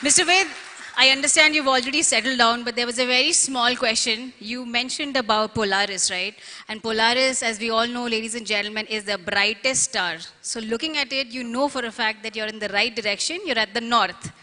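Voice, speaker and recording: A woman's voice: on the high side, fairly even intonation, a little fast, bright, forceful tone. A woman working as an event emcee, upbeat and engaging the audience with calls for applause. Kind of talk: lively stage hosting. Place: large convention hall. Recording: long reverb from a large hall.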